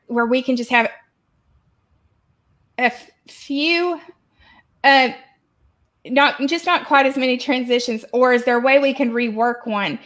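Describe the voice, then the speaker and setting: A woman hosting a parenting podcast who gives measured advice with frequent pauses and fillers. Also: sits high, fairly even intonation, a bit bright. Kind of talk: casual podcast chat.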